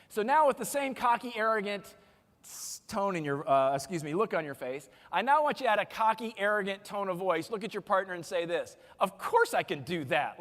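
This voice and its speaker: A man giving a motivational keynote speech in a large conference hall, energetic and joking as he leads the audience through exercises. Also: sits high. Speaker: keynote speaker. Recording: long hall reverb from a live stage.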